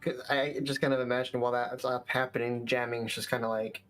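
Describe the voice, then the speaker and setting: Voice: mid-range voice, level tone, brisk, fairly bright tone, poor audio. A player in a tabletop game who narrates a companion creature's antics with amusement. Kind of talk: casual tabletop play.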